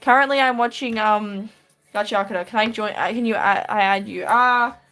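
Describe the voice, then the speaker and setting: A woman's voice: medium pitch, moderate pace, fairly bright tone, soft background music. A woman from Australia with an Australian accent, live-streaming from her room and chatting casually with her viewers, laughing lightly as she answers. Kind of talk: casual live-stream chat while drawing.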